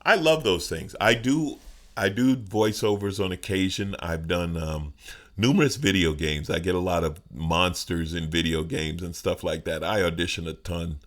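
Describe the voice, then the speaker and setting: Deep smooth-voiced guy doing his comedy podcast, chatty and joking. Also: normal speed, fairly bright tone. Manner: joking, conversational, playful asides. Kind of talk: casual comedic monologue.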